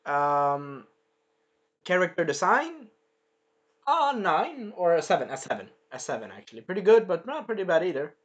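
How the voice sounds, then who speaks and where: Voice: mid-range voice, big pitch swings, normal speed, lo-fi sound. A reviewer giving a casual spoken episode review, rambling and swearing, with many fillers and restarts. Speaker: show reviewer.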